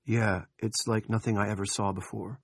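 A man voicing an urgent small-town doctor who gives brisk, commanding orders. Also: fairly low pitch, little pitch movement, slightly rough, dry recording. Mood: grave.

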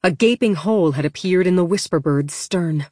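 A woman's voice: lowish voice, moderate pace, darkish tone, dry recording, studio quality. Woman narrating a storybook. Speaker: audiobook narrator.

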